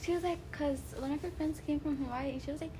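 A young woman co-hosts a podcast, chatting casually and telling stories by quoting what other people said. She has a high-pitched, steady voice and talks fast, with background noise behind her.

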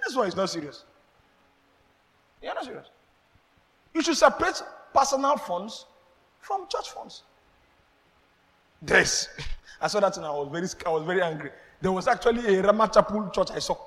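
A high-pitched man preaching a lively sermon, his voice bright and carrying. His pitch leaps up and down as he acts out conversations and laughs between points. The sound rings with the long reverb of a church hall. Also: normal speed, pauses often. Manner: animated preaching with acted exchanges and laughter. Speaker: pastor.

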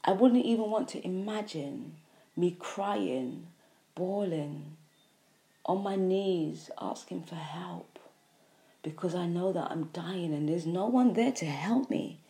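A woman's voice: lowish voice, slow, mellow. A woman giving an earnest, emphatic health monologue, driving her points home with repeated lists. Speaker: health speaker.

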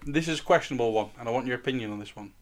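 Male podcast host, rambling, laughs a lot, mid pitch. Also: rapid-fire. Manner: rambling, laughs often, reads posts aloud. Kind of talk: casual podcast chat.

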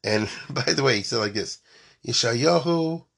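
Gravelly, husky man giving a talk. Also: lowish voice, a little fast, fairly bright tone. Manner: conversational, checks in with listeners often; mixes in Hebrew and Yiddish terms. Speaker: lecturer. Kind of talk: informal lecture, storytelling.

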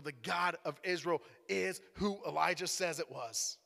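A man's voice: a little high, unhurried, vocal fry, hardly any pauses, pushed and bright. A man giving a playful, dramatic sermon in a conversational tone, in a church hall. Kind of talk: lively sermon storytelling. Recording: echoey hall.

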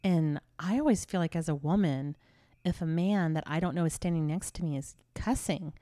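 A woman co-hosting a casual, faith-based podcast chat, an animated storyteller who acts out the voices she quotes. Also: deep voice, moderate pace, no echo, studio quality. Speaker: podcast co-host.

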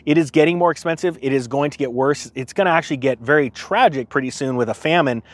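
A man's voice: a little high, fast. A man hosting a casual morning vlog, chatty and self-deprecating as he reads out viewer comments and reacts to them. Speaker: vlogger host. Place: outdoors at sunrise.

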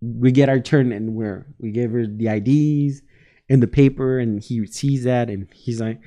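A man's voice: medium pitch, fairly even intonation, measured pace, mellow. A young man from El Salvador, a podcast co-host, telling a story in casual chat, acting out quotes and laughing often.

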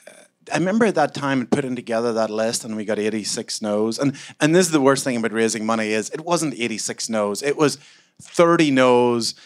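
A man from Scotland, a startup founder, answering onstage interview questions in a rambling, animated way full of fillers and self-mocking asides. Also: mid-range voice, a little fast. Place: event room with a live audience.

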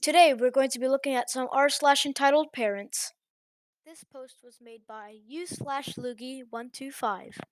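A woman narrating an online story as the host of a channel, in a lively, chatty manner. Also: sits high, moderate pace, no echo.

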